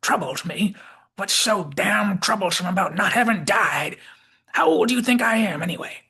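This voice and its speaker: A man's voice: high voice, lively intonation, normal speed, gravelly, sharp tone, husky, voice pushed up, exaggerated voice. A man voicing McCoy, a cantankerous, ancient male admiral with a folksy Southern drawl. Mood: indignant.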